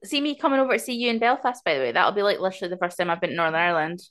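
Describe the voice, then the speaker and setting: A woman's voice: on the low side, animated, very fast, fairly bright tone. A woman co-hosting a podcast in casual chat, joking and swearing freely, saying she is tired. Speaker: podcast co-host.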